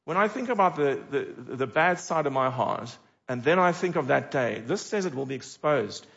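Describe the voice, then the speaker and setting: A middle-aged man preaching a sermon as a pastor, animated and full of dramatic rhetorical questions. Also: on the high side, normal speed, creaky, highs cut off.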